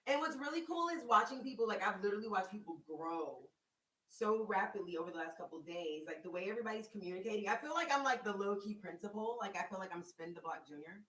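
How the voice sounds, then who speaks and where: A woman in her thirties hosting a casual chat, telling stories in an animated way, with lots of "like" and free swearing. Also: mid-range voice. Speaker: host. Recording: roomy sound, mic at a distance.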